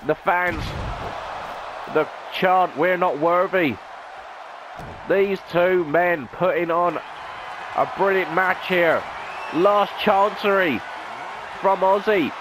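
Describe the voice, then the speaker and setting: A man's voice: high voice, takes it slowly, pauses often, background noise. A man, a gaming channel host, calling a video game wrestling match play-by-play in a dramatic announcer style with rhetorical questions.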